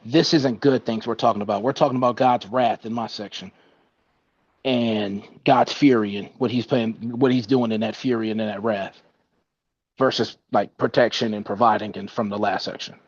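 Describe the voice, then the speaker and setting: A man's voice: fairly low pitch, steady tone, moderate pace, slightly rough, no echo. A man working through scripture in a casual Bible study. He hesitates and restarts, feeling his way toward each point. The sound is dull and dry, as if the recording has little room around it. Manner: hesitant, self-correcting, with fillers.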